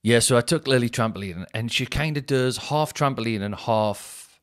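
A man's voice: medium pitch, moderate pace. Man telling a comic story. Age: 30s. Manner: animated, self-mocking anecdote with mock outrage. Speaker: podcast host.

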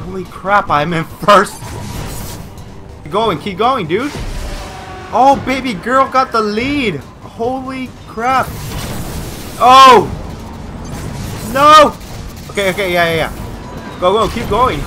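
A young man hosting a gaming channel, giving excitable live commentary with yelps and repeated cries of no. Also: high voice, a little slow, pauses often, soft background music.

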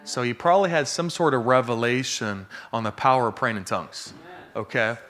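A man's voice: medium pitch, a little fast. A man preaching a sermon in a casual, conversational way, telling a story and often asking "okay?" and "you know?" along the way. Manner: casual and conversational, with many fillers and tag questions; gets excited and laughs while joking.

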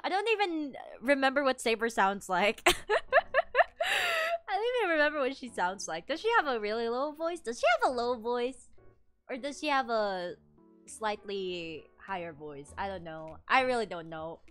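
A woman VTuber chatting casually on a livestream, animated and giggly, rambling with lots of fillers. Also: on the high side, normal speed, soft background music. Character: princess from another world. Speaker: VTuber streamer.

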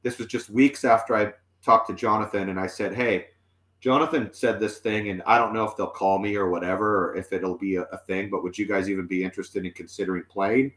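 A man in his forties, a musician guest in a casual chat, tells a long story in a lowish, steady, fairly bright voice at a brisk clip. He rambles, full of fillers and restarts, and the room sounds echoey.

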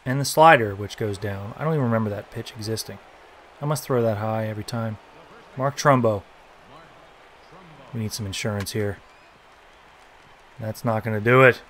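A young man giving casual, joking commentary while playing a baseball video game, reacting loudly to big plays. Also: lowish voice, normal speed, long pauses, slight background noise. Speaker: gaming YouTuber.

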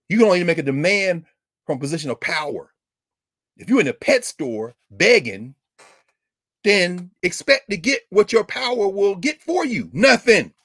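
A man lecturing like a preacher, his voice sitting high for a man as he reads a children's book aloud and stops to comment. He hammers points home by repeating phrases. The sound is close and dry, with no room around it. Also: a bit bright, no room sound. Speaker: professor guest on a talk show.

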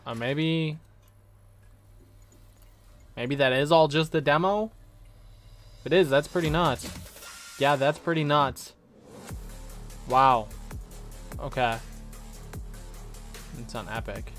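A man's voice: a little high, a bit bright, soft background music. A sleepy man streaming a live reaction to a game showcase, thinking aloud and trailing off mid-sentence. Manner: thinks aloud, drowsy and unhurried, trailing off and restarting. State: sleepy, yawning. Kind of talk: casual live reaction commentary.

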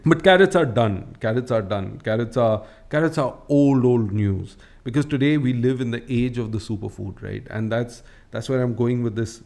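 A man's voice: medium pitch, warm tone. A man hosting a podcast, telling a history story in a chatty, casual way with frequent restarts and asides. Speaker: podcast host.

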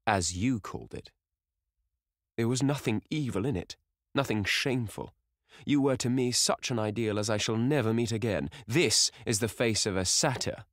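Man plays a horrified middle-aged male painter, shrill exclamations, close and dry. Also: dry recording, lightly acted.

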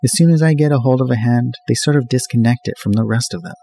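A man's voice: mid-range voice, quick pace, vocal fry, dark tone, slight background noise, voice pushed up, natural voice. A man voicing an easygoing young male college student, wry and a bit impatient, in a raised voice.

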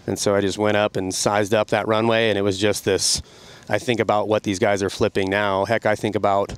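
Middle-aged guy with a smooth clear voice, animated storytelling, chatty podcast guest. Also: lowish voice, no room sound. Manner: animated, excited storytelling with laughs. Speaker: podcast guest, snowmobile rider. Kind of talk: casual storytelling.

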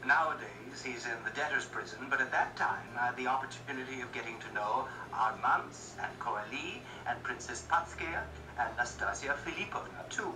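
A man's voice: medium pitch, normal speed, hardly any pauses, background noise, natural voice. A man voicing an obsequious, gossipy official who talks in an eager, ingratiating, sometimes stammering way. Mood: boastful. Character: fawning obsequious male official, gossipy know-it-all. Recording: roomy echo, distant mic, music behind.

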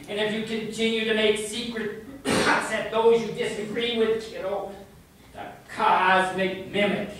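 Man doing a sardonic bodiless cosmic voice, emphatic and scolding, slow, distant echo. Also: sits high, fairly bright tone, pitched above the performer's own voice. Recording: echoey room heard from far off.

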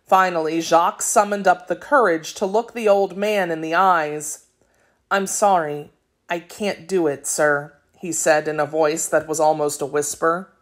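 A woman narrating a children's story aloud in a clear, expressive way for a school lesson. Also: on the low side.

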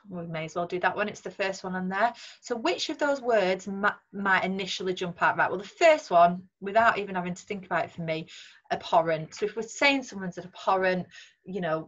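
A woman teacher with a Northern English accent, talking students through a recorded lesson in a clear, patient way with frequent ums. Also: medium pitch, muffled recording. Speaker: secondary school English teacher. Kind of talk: recorded remote lesson talk over slides.

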